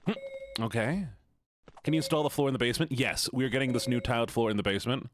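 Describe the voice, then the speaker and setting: A man's voice: mid-range voice, quick pace. A man live-streaming in a playful, joking way, sounding nasal and stuffed-up as he teases his chat. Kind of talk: casual live-stream chatter.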